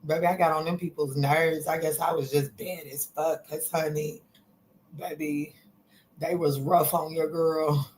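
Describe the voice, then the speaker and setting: A woman's voice: low voice, steady tone, measured pace, a little mellow, slight background noise, low-quality recording. Chatty woman doing a casual tarot reading. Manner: chatty, folksy, calls listeners baby and honey, curses freely. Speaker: tarot reader.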